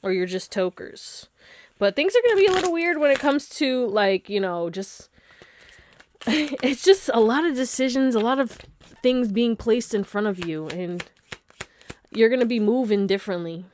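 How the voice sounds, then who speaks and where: A woman's voice: on the high side, animated, normal speed, darkish tone, slight background noise. Chatty woman giving a tarot reading. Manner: chatty, laughs often, slangy asides to viewers. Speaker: tarot reader. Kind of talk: casual pick-a-card tarot reading.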